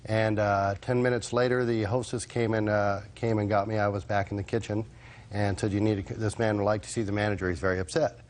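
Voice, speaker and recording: A man's voice: lowish voice, level tone, fairly quick, a little mellow. A man, a restaurant manager, testifying as a witness in a hesitant way with many fillers. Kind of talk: courtroom testimony.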